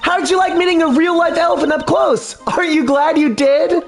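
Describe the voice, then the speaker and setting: A man's voice: extremely high pitch, fairly quick, faint music behind, pitched above the performer's own voice. A man voicing a bubbly, lighthearted woman who is an animal tamer in a game dub, in a silly sing-song manner. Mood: gushing.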